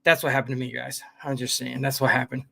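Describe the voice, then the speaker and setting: A man's voice: mid-range voice, monotone, fast, gravelly, pushed and bright. A man hosting a live stream, chatting casually, greeting viewers by name and reading their comments in a rambling way. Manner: rambling, greets viewers by name, keeps saying "guys" and "fam". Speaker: livestream host.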